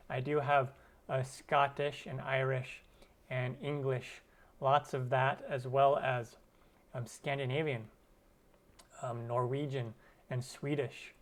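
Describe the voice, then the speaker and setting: A man hosting a cooking channel's live stream Q&A, chatting loosely with viewers and using many fillers. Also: mid-range voice. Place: lives in Arizona.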